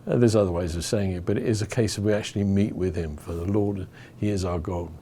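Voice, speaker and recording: A man from England teaching about worship in stages, telling a story with lively acted-out crowd chants. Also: sits low, quick pace, slight background noise. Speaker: worship leader.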